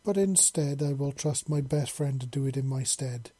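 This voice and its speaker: Male narrator doing a brash, teasing lizard-woman, dark husky tone, slightly raised pitch. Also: normal speed, dry recording, close to an everyday voice. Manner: bold, teasing, warm-hearted. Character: confident flirtatious female lizard-folk woman.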